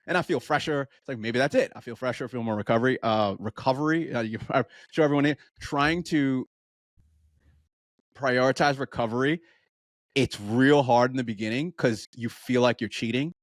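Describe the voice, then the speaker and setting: A man's voice: mid-range voice, no echo, studio quality. A man in his thirties, a running coach, chatting casually and acting out what his runners say. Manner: animated storytelling, acts out quoted voices. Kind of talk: casual podcast chat.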